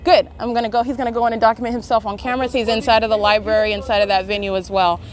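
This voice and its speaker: A woman's voice: on the high side, flat delivery. A woman podcaster giving live, insistent commentary outdoors by a street, with frequent filler sounds. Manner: rapid, insistent talk with many filler sounds. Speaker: podcaster documenting in real time. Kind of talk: live self-recorded commentary. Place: outdoors beside a street, sitting in shade. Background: passing traffic and plane engines.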